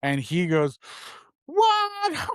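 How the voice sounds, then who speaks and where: A man's voice: a little high, lively intonation, moderate pace, no echo, clean studio sound. A man in his twenties co-hosting a podcast, telling a long rambling anecdote and acting out the other man's lines in casual chat. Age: 20s. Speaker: podcast co-host.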